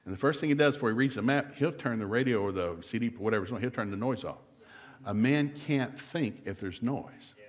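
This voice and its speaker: A man's voice: mid-range voice, a little fast. Folksy joking man teaching a marriage seminar. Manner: folksy, joking, acts out couples' dialogue. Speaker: guest seminar speaker. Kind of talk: humorous marriage seminar talk.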